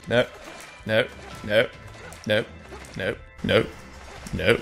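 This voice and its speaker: A man's voice: lowish voice, slow, creaky, long pauses, fairly bright tone, soft background music. A man hosting a let's play, giving sarcastic, swearing running commentary on a game as he plays it. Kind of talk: gameplay commentary.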